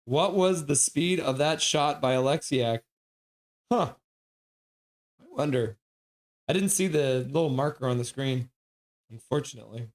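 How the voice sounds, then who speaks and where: A stream host calling hockey play-by-play live in an excitable manner, reading chat between quick calls. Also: medium pitch.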